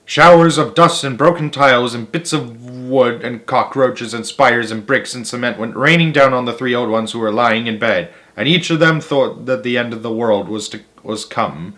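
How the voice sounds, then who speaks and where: Casting: young man narrating a classic children's storybook, steady and expressive. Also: medium pitch, normal speed, hardly any pauses. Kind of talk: children's book read-aloud.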